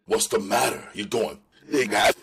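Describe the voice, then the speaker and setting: A man's voice: on the low side, moderate pace, vocal fry, fairly bright tone, husky, heavily acted. A man voicing a restless young gang member who mocks his friend. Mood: mocking.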